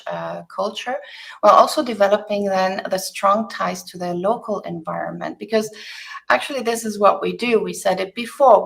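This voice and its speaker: Gravelly-voiced woman interview host. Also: on the low side. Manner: searching for words, repeats herself. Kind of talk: interview conversation.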